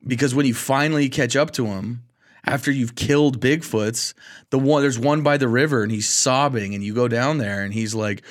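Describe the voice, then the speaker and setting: A man co-hosting a podcast in loose, casual conversation. He talks in an excitable, animated way and keeps dropping "dude" into his sentences. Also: medium pitch, a little fast. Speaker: podcast co-host. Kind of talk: casual chat.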